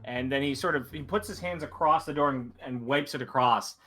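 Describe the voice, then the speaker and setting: A man narrating as dungeon master, halting and full of fillers. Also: medium pitch, bright, forceful tone, soft background music. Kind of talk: narrating a tabletop game.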